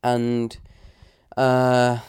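A man's voice: mid-range voice, very slow, clear, resonant tone. A man co-hosting a podcast, chatting casually and acting out voices in his stories. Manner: animated storytelling, acts out quoted voices. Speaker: podcast co-host. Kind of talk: casual chat.

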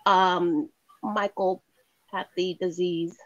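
A woman's voice: fairly low pitch, little pitch movement, drawn-out words, muffled recording. A woman co-hosting a pop culture podcast who chats casually, agrees readily, and laughs along with her partner. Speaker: podcast co-host. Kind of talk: casual chat.

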